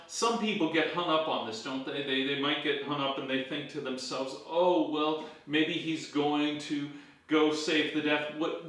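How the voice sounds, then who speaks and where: A man's voice: a little high, fairly bright tone. A man, a pastor leading a Bible study in a church, teaching emphatically and asking his listeners rhetorical questions. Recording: very echoey room, voice far from the mic.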